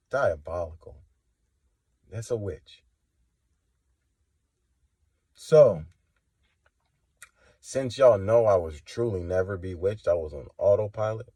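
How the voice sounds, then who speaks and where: A man giving impassioned spoken testimony, preachy and confrontational, swinging from low and quiet to loud and high. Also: no echo. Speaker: religious testimony vlogger.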